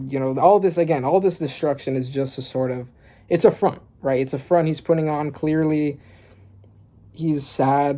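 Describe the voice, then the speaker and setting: A man giving a casual reaction to a new comic chapter. He reads the panel dialogue aloud and then comments on it in a loose, conversational way. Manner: excitable, shouts and cracks high when shocked. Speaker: manga reactor.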